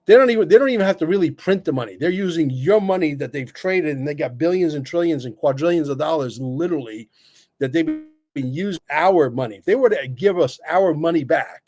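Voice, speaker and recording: A man co-hosting a livestream, talking bluntly and emphatically, cursing and filling pauses with "uh". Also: medium pitch, darkish tone. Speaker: livestream co-host. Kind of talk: opinionated livestream talk.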